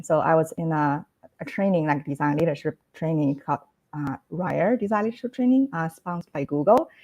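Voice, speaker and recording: A woman speaks on an online panel in a casual, halting way. Her voice is notably low for a woman. She fills her pauses with "um" and "like". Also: a little mellow, low-quality recording. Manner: hesitant, many "um" and "like". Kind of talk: panel talk. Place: online video call.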